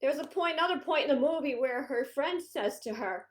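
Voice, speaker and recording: Brief: woman consultant, chatty and meandering, bright high voice. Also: expressive, a little fast, few pauses. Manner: rambling, chatty, frequent restarts. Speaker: home organizing consultant. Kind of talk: casual vlog talk.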